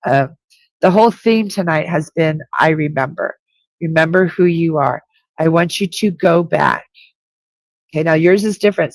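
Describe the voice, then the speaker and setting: A woman's voice: sits low, no room sound. A woman giving intuitive readings on a live stream, speaking directly and reassuringly and repeating her key points. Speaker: psychic reader.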